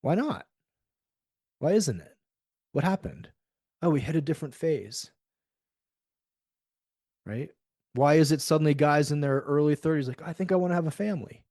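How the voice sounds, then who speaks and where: A man's voice: fairly high pitch, lively intonation, normal speed, long pauses, darkish tone, no echo, studio quality. A middle-aged man talking candidly in an interview, acting out quoted dialogue with animation. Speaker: podcast guest. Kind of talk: conversational interview.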